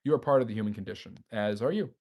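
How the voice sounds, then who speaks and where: A man's voice: on the low side, very fast, darkish tone. A man hosting a history live stream, reading viewers' chat messages aloud and answering them off the cuff with frequent fillers. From United States.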